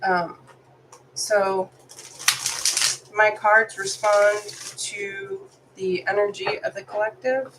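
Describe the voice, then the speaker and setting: A woman's voice: medium pitch, fairly even intonation, slow pace, long pauses, a bit bright, slight background noise, low-quality recording. A woman who is sick, doing a live tarot reading for viewers, chatty and apologetic, reading card meanings aloud. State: sick, congested. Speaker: tarot reader.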